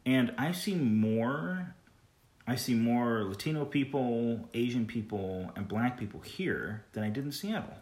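A man's voice: medium pitch, expressive, unhurried, darkish tone. A young man from California chatting casually as a podcast host, rambling and restarting his sentences. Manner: rambling, repeats words, restarts often. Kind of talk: casual chat. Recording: echoey room.

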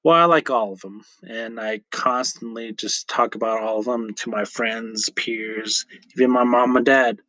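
A man hosts his own podcast in an unhurried, casual solo ramble. He talks slowly and often stops to correct himself. His voice sits at a middle pitch and sounds dry and close on the mic. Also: fairly even intonation, sharp tone, no echo. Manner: rambling, chatty, self-correcting with frequent fillers. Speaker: podcast host.

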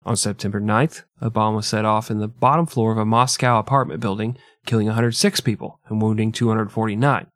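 A male podcast host reads out a history segment in a steady, mid-pitched voice. The recording is dry and close, with no room sound. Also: no echo. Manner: joking, swears freely. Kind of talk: casual comedic podcast, reading history.

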